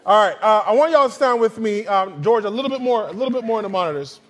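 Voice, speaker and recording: A pastor preaching in a church, leading the congregation in call-and-response and repeating phrases slowly. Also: male voice, high voice, expressive, faint music behind. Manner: slow, drawn-out delivery with repetitions. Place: church sanctuary.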